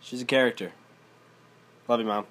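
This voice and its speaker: A young man chatting as a podcast guest, telling rambling, animated stories full of fillers. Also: medium pitch, moderate pace. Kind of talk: casual chat.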